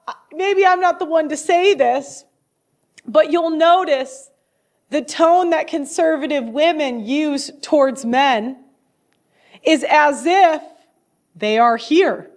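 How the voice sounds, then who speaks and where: A woman's voice: sits high, slow pace, long pauses. A young adult woman hosting her own show, giving blunt opinionated commentary in a casual way, often laughing and restarting her sentences. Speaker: host.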